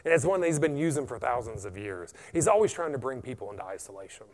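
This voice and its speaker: A man preaching a sermon, animated and punctuated with frequent amens. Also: medium pitch, fast. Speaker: pastor.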